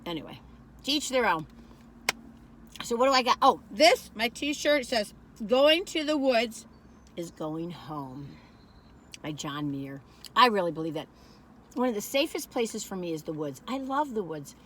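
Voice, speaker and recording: A woman's voice: mid-range voice, sing-song, moderate pace, fairly bright tone, slight background noise. Rambling, chatty older woman in a car. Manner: rambling, folksy, chatty, giggly asides. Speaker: food review vlogger. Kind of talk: casual chatty food review. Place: parked car. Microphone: phone camera.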